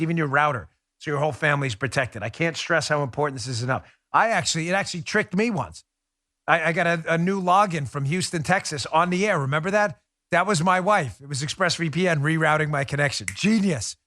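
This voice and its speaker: A man hosting a political talk show with brisk, emphatic talk-radio delivery on a studio mic. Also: a little high, pushed and bright. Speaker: host.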